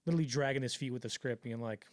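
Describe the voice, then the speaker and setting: A man telling a story on a casual podcast, swearing freely and acting out the quotes in quick put-on voices. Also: medium pitch, no room sound, clean studio sound. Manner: fast, profane, acts out quotes in voices. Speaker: podcast co-host.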